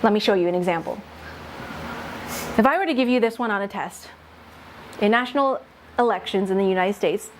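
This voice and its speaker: A woman's voice: mid-range voice, a little hiss or hum. A woman leading a teaching workshop for faculty, explaining test writing patiently with worked examples and light laughs. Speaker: faculty development presenter.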